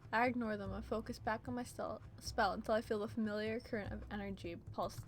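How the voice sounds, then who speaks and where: A woman streamer reading a visual novel aloud in first person, with steady storytelling narration and small slips. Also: medium pitch, fast talker. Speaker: let's play streamer.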